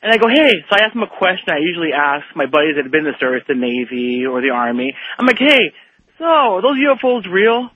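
A man's voice: a little high, sing-song, fast, dry recording, muffled recording. A man calling in to a radio show, rambling through a story and acting out the quotes with animation. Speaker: caller.

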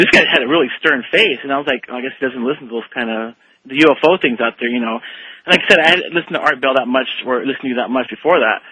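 Rambling male caller on a radio show, bright breathy voice, acts out the quotes. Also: fairly high pitch, dry recording, low-quality recording. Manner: rambling, animated storyteller who acts out quotes. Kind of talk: telling a story on a call-in radio show.

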